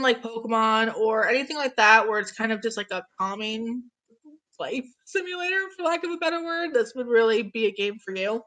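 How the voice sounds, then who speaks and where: A woman's voice: on the high side, fairly bright tone. A young woman in her twenties, getting over an illness, chatting casually on a live stream, gushing and reading out viewer comments.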